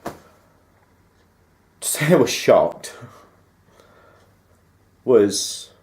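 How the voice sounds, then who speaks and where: A man's voice: mid-range voice, very animated, drawn-out words, a little mellow. Man telling a rambling anecdote. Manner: rambling anecdote, acting out remembered dialogue. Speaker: vlogger. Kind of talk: casual personal storytelling. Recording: roomy echo.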